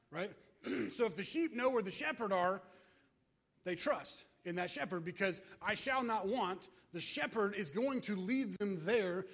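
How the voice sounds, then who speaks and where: A man preaching a sermon, animated and joking, out of breath as he moves about with props. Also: high-pitched. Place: church.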